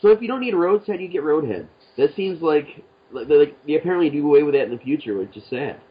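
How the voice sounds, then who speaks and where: A man's voice: a little high, expressive, quick pace, slight background noise. A man co-hosting a podcast, bantering in crude jokes. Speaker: podcast co-host. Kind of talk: casual chat. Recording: muffled podcast audio.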